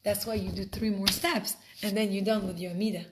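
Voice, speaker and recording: A woman teaching an informal Torah lesson in an expressive way, often asking her listeners questions. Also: mid-range voice, fairly quick, background noise. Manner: expressive, asks rhetorical questions.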